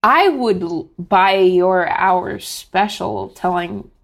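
A woman's voice: mid-range voice, slow, gravelly. A woman co-hosting a podcast, bantering casually and a little sheepish.

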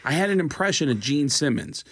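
A male comedian and impressionist telling comic stories in a casual chat, animated and laughing along. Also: a little high, a little fast. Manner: animated, slips into voices, laughs while telling.

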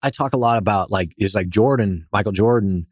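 A man, a company founder, telling energetic stories as a guest in a casual interview. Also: fairly low pitch, fairly quick, no room sound, clean studio sound. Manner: animated, energetic storyteller.

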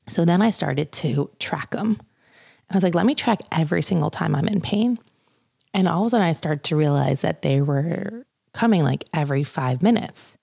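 A woman's voice: low-pitched, animated, moderate pace, vocal fry, warm tone, husky. A young woman, pregnant, telling a casual storytime in a chatty way, full of "like" and acted-out quotes. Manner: chatty, many "like" fillers, acts out quotes. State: pregnant, in labor pains. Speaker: vlogger.

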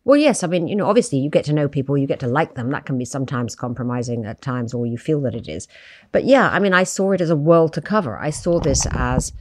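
A woman's voice: low-pitched, quick pace. An older woman, a magazine editor, telling stories as an interview guest with many asides. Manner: lively storytelling, many "you know" and "I mean". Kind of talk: relaxed interview conversation.

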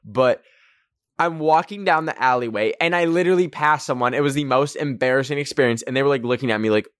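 A young Canadian podcast host tells a casual story, leaning heavily on "like" and acting out quotes in raised voices. His medium-pitched voice is smooth and fast, with no echo.

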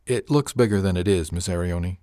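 A man voicing an older ship captain with a dry, measured and wry manner, in an audiobook. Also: low-pitched, warm tone, dry recording, lightly acted.

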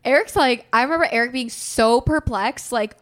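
A young adult woman hosting a casual chat, telling stories in an animated way and swearing freely. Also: fairly high pitch, normal speed. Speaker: host.

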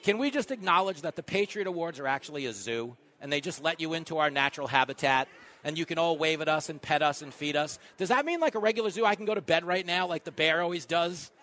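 A man hosts a comedic talk radio show live from an event venue. His voice sits fairly high and bright. He swings his pitch widely and bursts into sudden loud riffs. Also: animated. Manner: fast joking riffs, big swings in loudness.

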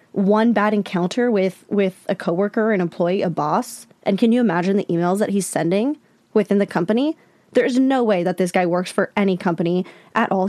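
A woman's voice: medium pitch, mellow, no room sound. A woman hosting a podcast, talking candidly and with exasperation straight to her listeners. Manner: candid, exasperated, addresses listeners as "you guys". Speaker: podcast host. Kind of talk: casual podcast commentary.

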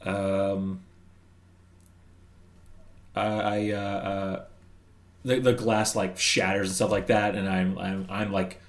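A man playing a tabletop game, describing his character's moves haltingly with many fillers. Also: low-pitched, level tone. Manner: hesitant, full of ums and likes. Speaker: player.

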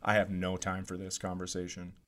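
A man's voice: low-pitched, monotone, brisk, background noise. Sarcastic man teasing his co-host. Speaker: podcast co-host, comedian. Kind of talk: casual podcast banter.

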